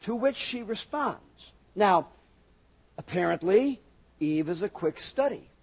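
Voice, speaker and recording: A man preaching a sermon in an animated way, acting out quoted voices and asking the congregation questions. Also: sits high, takes it slowly, creaky, breathy edge. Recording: dull lo-fi recording.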